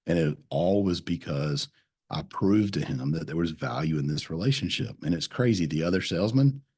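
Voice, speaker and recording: Low husky-voiced man telling sales stories. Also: lively intonation, moderate pace, a little mellow. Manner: folksy salesman storytelling, repeats phrases, says "man". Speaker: podcast host. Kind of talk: casual storytelling chat.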